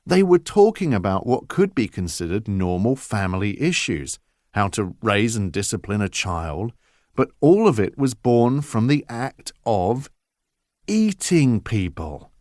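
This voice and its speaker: Male audiobook narrator, slow unhurried delivery, lively intonation, dry close mic. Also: medium pitch, no room sound. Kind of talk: scripted narration.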